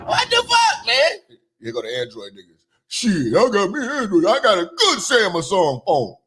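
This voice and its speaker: Brief: high-pitched male livestream host, bright tone, loud and profane joker. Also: very animated, normal speed. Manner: loud, joking, profane, laughs often. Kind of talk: casual livestream commentary.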